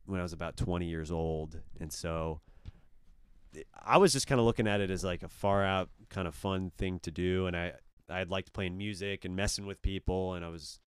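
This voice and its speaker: A comedy show organizer from Orange County, California, chats as a podcast guest, rambling in a laid-back way full of "kinda" and "dude." His low voice is clear and resonant at a normal pace, in a dry, studio-quality recording.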